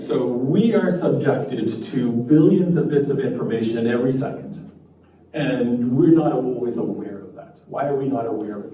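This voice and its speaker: A man giving an animated live talk to a group, laughing often and acting out quotes. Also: medium pitch. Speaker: meetup speaker. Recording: echoey room from far off, faint noise.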